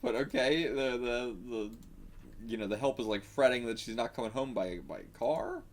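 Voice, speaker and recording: A chatty man hosts a casual manga reaction, his voice sitting at an ordinary middle pitch. His intonation is lively and swings widely as he reads and comments. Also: normal speed. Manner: animated, chatty. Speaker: reaction channel host.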